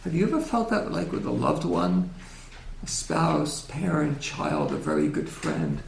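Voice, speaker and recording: A man giving a gentle, reflective religious lecture in a synagogue hall, often asking his audience questions. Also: a little high, huge pitch swings, measured pace, vocal fry, a little hiss or hum.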